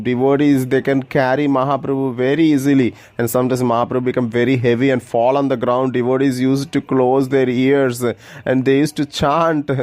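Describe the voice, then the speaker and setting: A man's voice: medium pitch, darkish tone. A man earnestly retelling a sacred story in a reverent, storytelling manner, with loose grammar. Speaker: devotional speaker. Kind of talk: devotional story telling.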